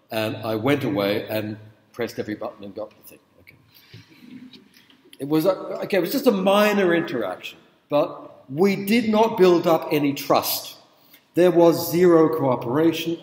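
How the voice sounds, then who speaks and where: A middle-aged male lecturer speaks casually at a mid pitch and keeps asking the room "okay?" as he tells stories. His voice carries a long hall reverb that rings around a big lecture room. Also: darkish tone. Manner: informal, checks in with the audience. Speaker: university lecturer. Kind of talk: conversational lecture with anecdotes.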